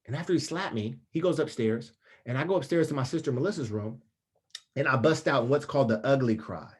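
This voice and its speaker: A man in his thirties, working as a motivational speaker, delivers his talk as an animated storyteller, casual and full of slang. He acts out other people's voices with big pitch jumps. His voice is fairly quick and slightly rough.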